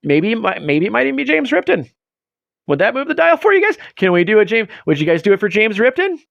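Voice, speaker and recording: A man's voice: high-pitched, big pitch swings, quick pace, vocal fry, fairly bright tone, no room sound, lo-fi sound. A man hosting a casual livestream, rambling goofily and mocking himself, his voice getting strained. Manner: goofy, rambling and self-mocking. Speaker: livestream host.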